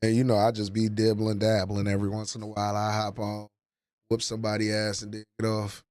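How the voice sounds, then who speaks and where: A man's voice: lowish voice, monotone, fairly quick, a little mellow, no room sound, studio quality. A man in his forties chatting casually on a livestream, profane and rambling as he reminisces. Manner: profane, rambling, nostalgic storytelling. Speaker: livestream host.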